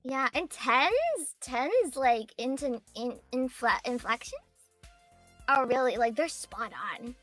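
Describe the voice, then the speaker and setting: High bright-voiced giggly woman. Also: animated, slow, no echo, soft background music. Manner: giggly, chatty and loose. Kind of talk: casual chat.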